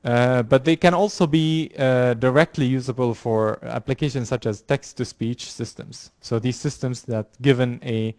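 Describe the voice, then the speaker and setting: A man's voice: mid-range voice, fairly even intonation, a little mellow, no echo. A man lecturing a university class, explaining with frequent fillers, repeated words and restarts. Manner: halting, many fillers and restarts. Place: lecture room.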